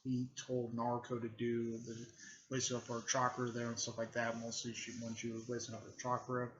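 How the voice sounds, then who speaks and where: A man giving a casual, rambling recap full of fillers, often clearing his throat. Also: mid-range voice, monotone, normal speed, a bit bright, dull audio. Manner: filler-heavy, repeats "technically" and "and stuff like that", clears throat often. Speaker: video creator recapping a fan series.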